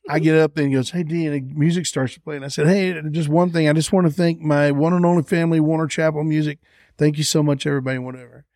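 Man telling a lively story. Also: a little high, quick pace, no room sound, clean studio sound. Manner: animated anecdote-telling, acting out quoted voices. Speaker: songwriter guest. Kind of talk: storytelling in a podcast interview.

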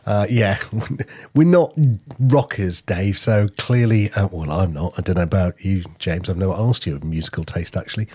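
A man's voice: low voice, moderate pace, dark tone, slightly rough. A man co-hosting a podcast in jokey, laughing banter. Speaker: podcast co-host. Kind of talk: casual podcast chat.

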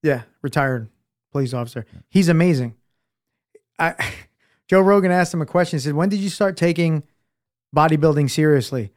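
Higher-voiced man telling stories casually. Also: moderate pace, pauses often. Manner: animated storyteller, laughs easily. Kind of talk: casual chat.

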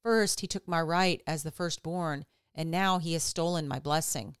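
A woman's voice: low-pitched, normal speed, clean tone, no echo, clean studio sound, lightly acted. A woman reading the lines of a desperate elder son who pleads with his father.

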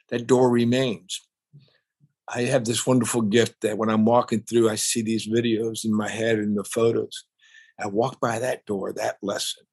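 An older man, a guest on a podcast, telling stories about his family business in a warm, reflective way. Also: on the low side, breathy edge. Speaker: guest, family restaurant owner. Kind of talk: casual interview storytelling.

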